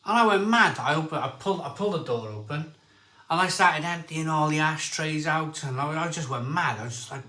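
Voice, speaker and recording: A middle-aged man hosting a casual livestream, telling rambling, excitable stories and reading out viewer comments. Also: on the high side, fairly quick, roomy sound. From Barry, Wales. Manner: rambling storyteller, lively and excitable, often restarts sentences. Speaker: livestream host.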